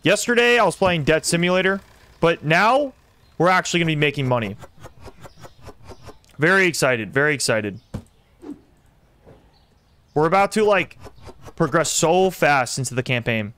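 A young man streaming a simulator game, commenting excitedly and talking to his chat as he plays. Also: a little high, moderate pace, pauses often. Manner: excitable, talks to chat while playing. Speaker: gaming streamer. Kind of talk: live gameplay commentary.

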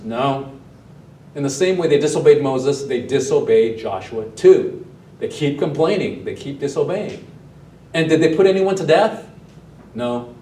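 Pastor, male, mid-pitched, lively sermon delivery, recorded from a distance in a reverberant sanctuary with a faint hum. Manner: animated, asks the congregation questions. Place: church sanctuary, also streamed online. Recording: roomy echo, mic at a distance.

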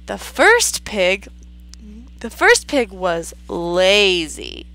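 A woman teacher reading a story aloud to a class, animated and expressive, stopping to ask questions. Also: mid-range voice, drawn-out words, poor audio.

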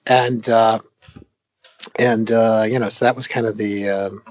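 An older man, a game designer, talking casually in an interview, rambling with lots of fillers and animated retellings. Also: lowish voice, measured pace, lo-fi sound. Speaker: veteran arcade game designer, guest.

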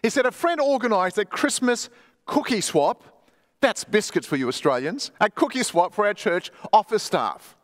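High-voiced preaching man in reverberant church. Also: very animated, moderate pace. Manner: emphatic preaching, reads quoted stories aloud. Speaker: pastor. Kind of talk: sermon. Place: church hall.

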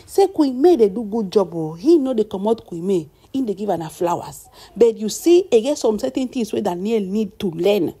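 A woman's voice: a little high, warm tone, slightly rough. A woman with a Nigerian accent, retelling celebrity gossip in chatty storytelling, often calling out to her listeners. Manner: chatty, addresses audience as "my people".

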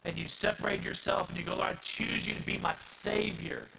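Bright gravelly-voiced preacher man. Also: sits high, steady tone, a little fast, low-quality recording. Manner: swings from hushed asides to loud shouted passages. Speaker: pastor. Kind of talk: sermon.

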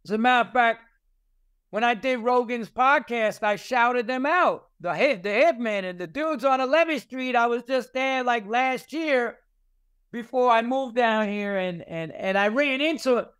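A man tells street stories, swearing freely and acting out the fights. His voice sits high for a man and sounds smooth and clear. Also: measured pace. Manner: profane, animated street storyteller. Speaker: podcast guest. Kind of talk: casual storytelling.

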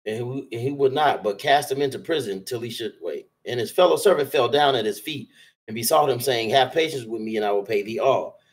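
A man reading Bible passages aloud in a steady, plain way, with small slips. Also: medium pitch, fairly quick, rough recording. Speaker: scripture reader.

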